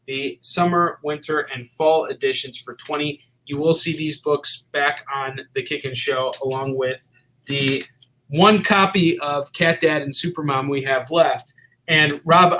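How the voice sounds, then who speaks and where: A man's voice: fairly high pitch, bright, forceful tone, poor audio. A man from the Midwest hosting a live comic book stream, chatting casually with a guest and plugging books, with plenty of fillers. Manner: upbeat, lots of fillers and plugs. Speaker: host of a live comic shop show.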